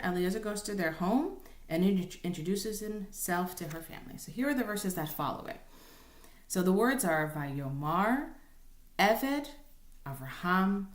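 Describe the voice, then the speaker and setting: A woman's voice: lowish voice, reverberant. A woman cantor explaining how to chant Torah in a casual lesson, with many ums and rhetorical "right?". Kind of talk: informal recorded lesson with sung examples.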